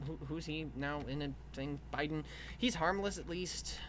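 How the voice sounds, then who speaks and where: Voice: mid-range voice, normal speed, a bit bright, a little hiss or hum. A co-host in casual chat, rambling, laughing often and swearing casually.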